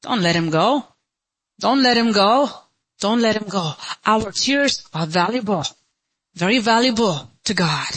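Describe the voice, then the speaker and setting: Impassioned woman pastor with a sermon delivery: bright, dry, and soaring high then dropping low. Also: expressive, measured pace, breathy edge, no room sound, poor audio. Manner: impassioned, swinging between high pleading cries and low hushed lines; laughs between lines.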